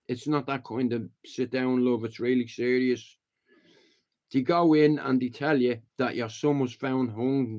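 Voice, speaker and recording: A man's voice: medium pitch, darkish tone. Man, streamer type, rambling and cursing, heats up in stories, dull recording. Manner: profane, rambling, heated when retelling fights. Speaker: live streamer. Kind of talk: casual rambling talk to viewers. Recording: dull lo-fi sound.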